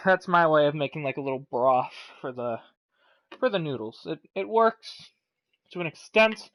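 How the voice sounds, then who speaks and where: A man's voice: fairly high pitch, animated, unhurried, a bit bright. A man hosting a casual cooking vlog, rambling and swearing as he talks through each step. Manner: rambling, profane, chatty.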